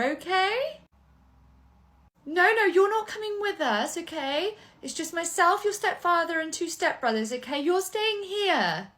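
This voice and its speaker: A woman's voice: extremely high pitch, a bit bright, pitched above the performer's own voice, heavily acted. A woman playing a self-absorbed, condescending mother with a patronising, sing-song manner.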